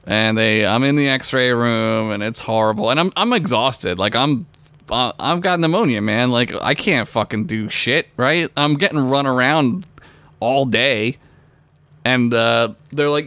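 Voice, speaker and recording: Young male co-host, animated storyteller, raspy-gravelly, swears a lot. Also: medium pitch, unhurried, no echo. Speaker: podcast co-host. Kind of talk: casual profane chat.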